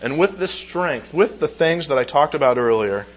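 A man giving an earnest, emotional church talk, reading scripture aloud and pausing with halting restarts. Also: on the high side, expressive, low-quality recording.

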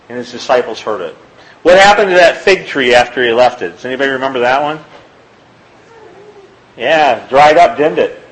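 A lay preacher gives an informal sermon, reading scripture aloud and speaking plainly to his listeners. His voice is animated and brisk, with frequent pauses, and his pitch climbs whenever he presses a point. The recording is rough.

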